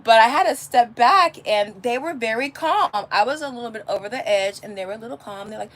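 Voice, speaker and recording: A woman's voice: on the high side, animated, a little fast, few pauses, fairly bright tone, a little hiss or hum. A homeschooling mother chatting casually on a livestream, telling rambling stories full of restarts. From California. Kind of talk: casual live chat. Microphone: phone or webcam, answering a live chat.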